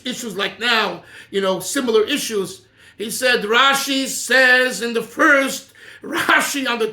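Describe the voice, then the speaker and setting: A middle-aged man, a rabbi, teaching an informal Torah class in an animated, digressive way and chuckling often. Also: very high voice, echoey room.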